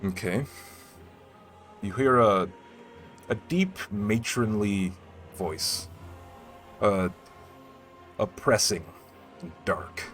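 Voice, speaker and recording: A man running a tabletop game as game master, narrating scenes in an unhurried, descriptive way. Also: lowish voice, animated, a bit bright. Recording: faint background music.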